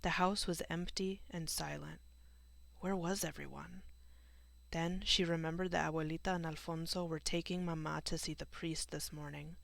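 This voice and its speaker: Gravelly woman reading an audiobook. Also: low voice, fairly even intonation, moderate pace, fairly bright tone, no echo. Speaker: audiobook narrator. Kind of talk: scripted narration.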